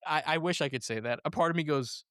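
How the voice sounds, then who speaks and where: A man hosting a casual movie review podcast, animated and laughing often as he acts out quotes. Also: on the high side, fast, clean tone, no room sound, studio quality. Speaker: podcast host.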